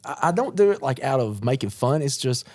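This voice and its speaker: Energetic man with a thick East Tennessee twang. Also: mid-range voice, a little fast. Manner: energetic storyteller, quotes people in voices. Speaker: guest, musician. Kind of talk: casual chat.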